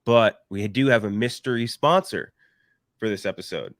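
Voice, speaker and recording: Guy hosting a movie podcast, kinda low, deadpan, very dry sound. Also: moderate pace, no echo. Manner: deadpan mock ad read, then relaxed opinionated chat. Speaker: podcast co-host. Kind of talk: casual podcast chat.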